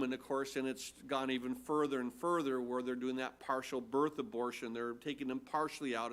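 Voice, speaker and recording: A man's voice: medium pitch, a bit bright. A man preaching a sermon as a pastor, teaching earnestly and emphatically through scripture with rhetorical questions. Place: church.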